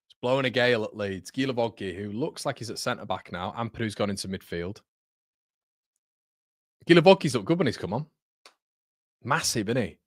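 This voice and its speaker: A young man hosting a live football watchalong, chatty and excitable, jumping from loud outbursts to muttering. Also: lowish voice, fairly quick, pauses often, dry recording, clean studio sound. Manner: excitable, chatty, swings between shouting and muttering. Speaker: watchalong host. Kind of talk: live match watchalong commentary.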